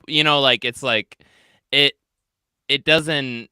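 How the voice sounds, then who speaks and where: A man's voice: mid-range voice, steady tone, slow, sharp tone, clean tone, no room sound, studio quality. A man co-hosting a podcast, chatting loosely and joking, swearing casually. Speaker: podcast co-host.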